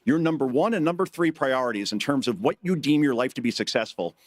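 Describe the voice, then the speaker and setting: Animated and quick, a middle-aged conference speaker with a medium-pitched voice spins joking stories on stage. He performs quotes in changing voices throughout his live speech.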